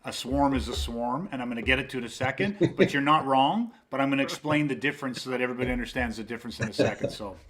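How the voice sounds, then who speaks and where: A man's voice: medium pitch, fast talker, few pauses, fairly bright tone. A man hosting a podcast, explaining self-defense tactics in a casual, emphatic way, with frequent swearing and restarts. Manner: emphatic, profane, rambling with restarts.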